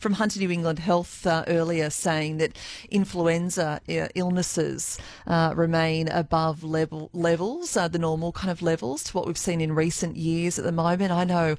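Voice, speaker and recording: An Australian woman presenting local morning radio, chatty and easygoing, pausing with fillers as she talks. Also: sits low, little pitch movement, darkish tone, dry recording.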